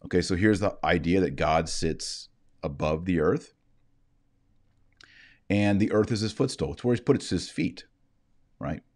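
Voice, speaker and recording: A man's voice: low voice, measured pace, long pauses, darkish tone. A man giving an online Bible lecture from his desk, explaining verses in a conversational way and answering his own rhetorical questions. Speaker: Bible teacher. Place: indoors, seated at a desk with a shared screen.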